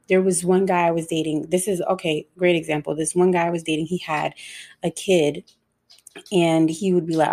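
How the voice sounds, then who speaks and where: Young woman, low husky voice with gravel, candid and emotional monologue, swears freely. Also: little pitch movement, dark tone. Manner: frank and emotional, swears freely, speeds up and slows down.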